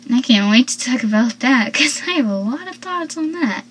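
Young woman vlogger, husky kinda high voice, rambly casual recap with lots of side tangents. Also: expressive, normal speed, poor audio. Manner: rambling and talkative, with asides and laughs.

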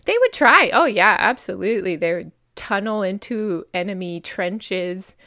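A woman's voice: medium pitch, lively intonation, unhurried, pushed and bright, dry recording, clean studio sound. An American woman co-hosting a podcast, chatting casually about history with many fillers and frequent laughs. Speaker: podcast co-host.

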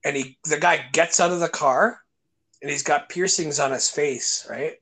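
A man's voice: a little high, moderate pace, bright, forceful tone, slightly rough. A young man in casual podcast chat, telling long rambling stories and swearing freely. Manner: rambling storyteller, acts out voices in his anecdotes, swears freely.

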